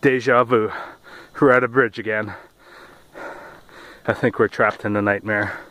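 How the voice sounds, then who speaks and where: A man's voice: on the low side, fairly even intonation, measured pace, sharp tone, no room sound, low-quality recording. A man vlogging casually while walking outdoors on a path, telling rambling, jokey stories.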